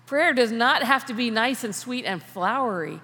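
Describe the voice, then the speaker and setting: A woman's voice: on the high side, expressive, moderate pace, bright, forceful tone, husky. A woman giving a conversational sermon on prayer, talking informally, restarting phrases and laughing often. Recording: long reverb of a large hall.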